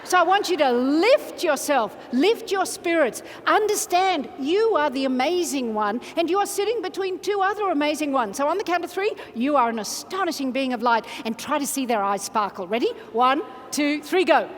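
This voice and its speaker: A woman giving an energetic motivational keynote in a large conference hall, coaxing the audience to join in. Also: high voice, moderate pace, few pauses, a little hiss or hum. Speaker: motivational speaker. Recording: reverberant hall, faint ambience.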